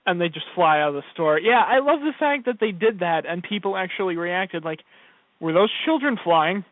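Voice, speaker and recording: A high-voiced man chats through an anime review, agreeing readily and filling his talk with "like". His intonation bounces around animatedly. The sound is dry, narrow and phone-like. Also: expressive, brisk, no echo. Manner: chatty, agreeable, heavy on "like" and "yeah". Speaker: podcast co-host. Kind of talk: casual anime review chat.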